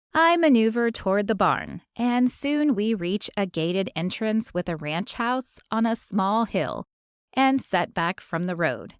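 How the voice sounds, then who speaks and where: A woman narrating a first-person romance audiobook in a measured, expressive way on a close studio mic. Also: medium pitch, clear, resonant tone, dry recording.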